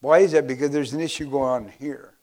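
A man preaching a sermon as pastor, filling pauses with "uh" and calling for amens. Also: medium pitch, steady tone, darkish tone. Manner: preaching with frequent "uh" fillers, asking for amens.

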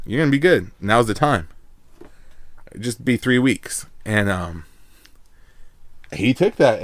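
A man with a lowish voice tells a personal story in a loose, rambling way, leaning on filler words as he goes. The sound is dry and close, with no room echo. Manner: rambling, laid-back, heavy on filler words. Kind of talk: casual storytelling.

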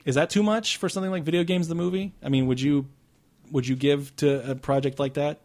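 A man's voice: a little high, steady tone, brisk, darkish tone. A man hosting a casual movie review podcast, loose and joking, laughing often. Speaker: podcast host. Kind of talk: casual chat.

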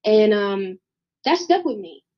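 A guest artist, a young female singer, speaks slowly at a medium pitch. She shares an animated anecdote in a casual interview, acting out each person's voice. The sound quality is dull and lo-fi.

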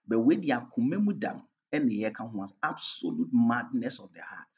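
A man's voice: medium pitch, sing-song, moderate pace, a little mellow, breathy edge. A man with a Ghanaian accent preaching a sermon as pastor, emphatic, switching between English and Twi with his volume rising and falling. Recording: dull lo-fi recording.

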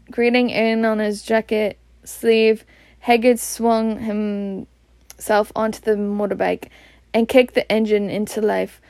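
A woman with a Scottish accent reads a storybook aloud, slow and even, her slightly high voice hardly rising or falling. There is a gravelly fry in her tone. The recording is close and dry. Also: no echo. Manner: slow, even, with slips and restarts. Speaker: reader. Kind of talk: storybook reading in Scots.

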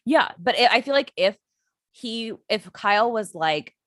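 A woman's voice: a little high, unhurried, no echo, studio quality. A young woman co-hosting a casual podcast chat, blunt and profane, telling stories with lots of energy. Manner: blunt, profane, animated storytelling. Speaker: podcast co-host.

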